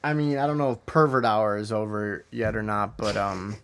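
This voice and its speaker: A man's voice: lowish voice, steady tone, normal speed, fairly bright tone, clean tone. A man co-hosting a wrestling podcast, rambling and crude in casual banter, with lots of fillers. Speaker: podcast co-host.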